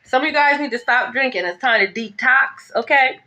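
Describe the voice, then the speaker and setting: A woman's voice: sits high, normal speed, pushed and bright, muffled recording. A woman giving a blunt, profane, sassy tarot reading in a casual rant. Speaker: tarot reader.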